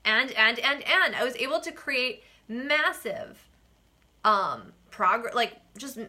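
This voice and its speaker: A young woman hosts a casual live-stream vlog, her voice bright and forceful. She pitches a little high and keeps it chatty. She laughs often and acts out quoted exchanges. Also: expressive, slow. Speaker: real estate agent and vlog host.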